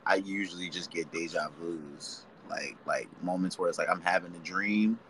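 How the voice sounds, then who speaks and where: A man with a very low voice and a bright, forceful edge, talking loosely in slang on a podcast. He rambles through ideas and acts out quotes in other voices. Faint noise sits under the recording. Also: steady tone, normal speed, poor audio. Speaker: podcast co-host. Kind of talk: casual chat.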